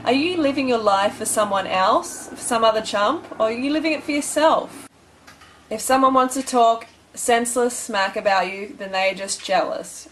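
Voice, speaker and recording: A woman's voice: medium pitch, poor audio. A young woman giving blunt, bossy, tough-love advice in a motivational vlog.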